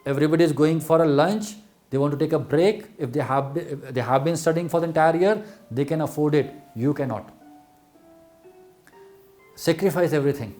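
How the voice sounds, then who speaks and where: A man's voice: on the high side, brisk, a little mellow, soft background music. A middle-aged man with an Indian English accent giving an earnest motivational talk to exam students, repeating words for emphasis. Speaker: medical exam coach.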